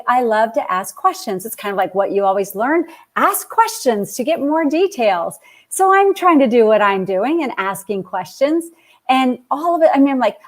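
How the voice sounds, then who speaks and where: A middle-aged woman with a fairly high voice speaks in a relaxed interview. She tells stories with animation and slips into the voices of the people she quotes. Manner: animated storyteller, acts out quoted dialogue. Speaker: author and speaker on parenting. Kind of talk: conversational interview answer.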